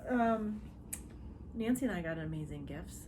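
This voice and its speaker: Woman co-host, lively storyteller, casual hotel-room chat with clear background noise. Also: fairly low pitch, a little slow. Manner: animated storyteller, quoting others with laughs. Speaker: podcast host. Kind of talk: casual chat among friends. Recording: noisy room ambience.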